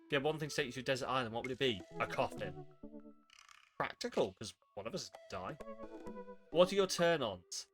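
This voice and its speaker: A man's voice: medium pitch, expressive, a little fast, long pauses, music in the background. A man streaming a game, reading its lines aloud and reacting with wry, sarcastic asides. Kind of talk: casual commentary while reading a game aloud.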